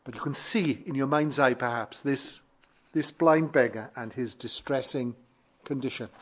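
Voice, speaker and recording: A man preaching a sermon, emphatic and fervent, building repeated phrases in a measured cadence. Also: mid-range voice. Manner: fervent, emphatic, swells louder on key phrases.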